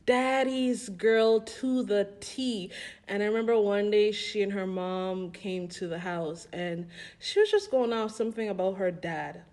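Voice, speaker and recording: A woman on a podcast, telling personal stories in a casual, animated way and acting out what people said. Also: medium pitch, a little slow. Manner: animated storytelling, acting out quoted voices with laughs. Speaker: podcast co-host.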